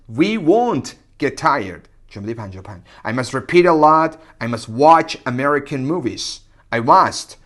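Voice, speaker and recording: A man teaching English, who repeats phrases loudly and whispers quick translations. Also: medium pitch. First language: Persian. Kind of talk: energetic language lesson with repetition drills.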